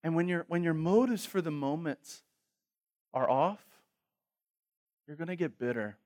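Animated, high-voiced man preaching. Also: a little slow. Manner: animated, humorous, swings from loud exhortation to quiet reflection. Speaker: pastor. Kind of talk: sermon.

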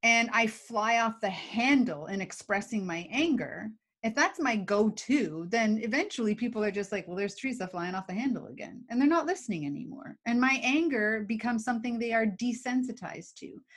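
Animated woman explaining with acted examples. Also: fairly high pitch, normal speed, hardly any pauses. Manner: animated, laughs often, acts out examples. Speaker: podcast co-host teaching emotional skills. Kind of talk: casual conversational explanation.

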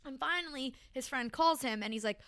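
A young woman chatting on a podcast in a bright, fairly high voice, dropping "like" into almost every line. She tells her story casually with quick laughs. The sound is dry and close to the mic. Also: no room sound. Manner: chatty, fillers of "like", laughs between lines. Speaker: podcast co-host.

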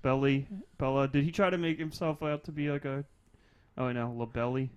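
A man's voice: medium pitch, fairly even intonation, clear, resonant tone. Laughing man, podcast co-host. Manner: reads erotic fiction aloud in a slow mock-dramatic voice, laughing. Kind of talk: casual comedic banter.

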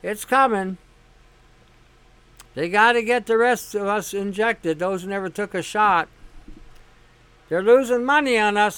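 High-voiced blunt, profane man. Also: moderate pace, long pauses, a bit bright, smooth, dry recording. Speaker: host. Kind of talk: casual monologue.

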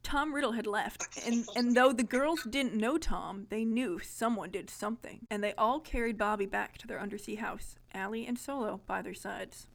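A woman's voice: fairly high pitch, normal speed, vocal fry, hardly any pauses. A young adult woman co-hosting a podcast, reading a childhood story aloud and breaking off with amused, giggly asides. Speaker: podcast co-host.

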